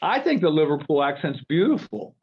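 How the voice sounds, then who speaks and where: A man's voice: fairly high pitch, big pitch swings, fairly quick, breathy edge. A man in his sixties from the United States, a guitar company founder guesting on a video-call interview, talking in a jokey, rambling way that keeps restarting. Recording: dull lo-fi video-call audio.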